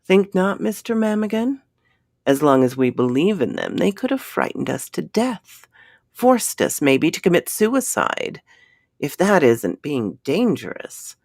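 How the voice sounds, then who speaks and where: A woman's voice: fairly low pitch, very animated, darkish tone, no room sound, clean studio sound, full character voice. A woman voicing an anxious, earnest male photographer on a space mission, in a storybook reading. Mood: insistent. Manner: anxious, earnest, quick to argue. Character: nervous smaller male photographer, grown man.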